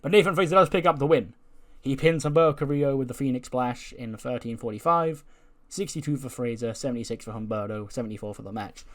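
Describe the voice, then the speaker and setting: A man's voice: medium pitch, fast. Chatty man narrating a game. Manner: chatty, laughs often. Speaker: let's play narrator. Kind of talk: casual game commentary.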